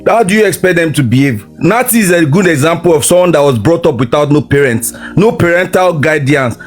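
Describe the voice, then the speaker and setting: A man's voice: on the high side, expressive, fairly quick, faint music behind. A man lecturing emphatically on a livestream, repeating his questions. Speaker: livestream debater. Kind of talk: heated livestream argument.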